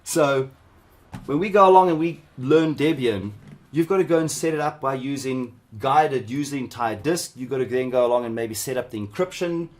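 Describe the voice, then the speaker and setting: A middle-aged man from South Africa runs a live training session. He talks in a loose, chatty way with plenty of asides to his viewers. His voice sits at an ordinary middle pitch. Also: moderate pace. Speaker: cybersecurity instructor. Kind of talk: live workshop teaching.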